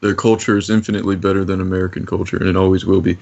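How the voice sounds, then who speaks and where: A low-voiced man who talks in a flat, deadpan monotone. His words come out slightly mumbled and dry. He sounds unbothered as a podcast guest in casual chat. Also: very fast, creaky, lo-fi sound.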